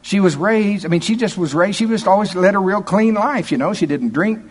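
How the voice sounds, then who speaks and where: Husky-voiced folksy male preacher. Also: high-pitched, lively intonation, fairly quick. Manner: folksy, conversational, emphatic. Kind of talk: sermon with scripture reading.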